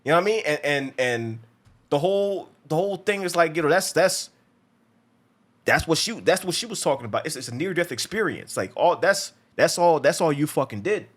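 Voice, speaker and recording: A little high, a bit bright, and slightly fast, this animated man hosts a movie review podcast. He casually recaps a film, rambling and restarting often, dropping profanity, and acting out quotes.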